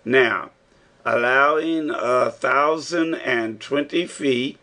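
A man's voice: mid-range voice, fairly bright tone. A man reading an older male professor who gives firm, encouraging instructions, as an audiobook character. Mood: instructing.

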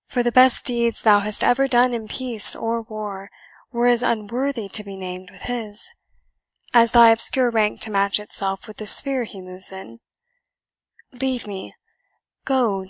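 A woman's voice: a little high, no echo. A woman voicing a proud young noblewoman, imperious and defiant. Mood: haughty.

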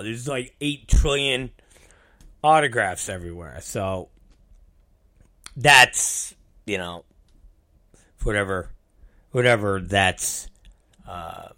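Slow-talking, bright-voiced profane man. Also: on the low side. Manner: rambling, swears freely, self-deprecating. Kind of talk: casual profane monologue.

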